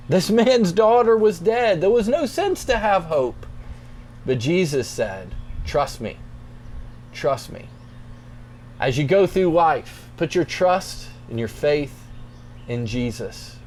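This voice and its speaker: Young male youth pastor, easygoing conversational devotional delivery, lightly raised pitch, faint background hiss. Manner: relaxed, conversational, plainspoken encouragement. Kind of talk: devotional talk, scripture reading then explanation.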